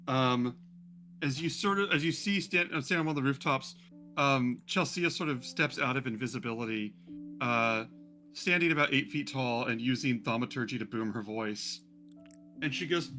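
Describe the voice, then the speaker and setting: A man narrating as game master of a fantasy tabletop game, relaxed and halting with many fillers. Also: medium pitch, faint music behind. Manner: relaxed, many ums and uhs.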